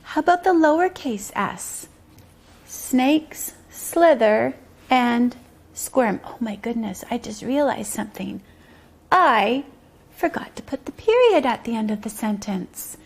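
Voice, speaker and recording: A woman teaching a preschool circle-time lesson, speaking in a slow sing-song way and stretching out rhymes and syllables. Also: a little high, very animated, gravelly, breathy edge.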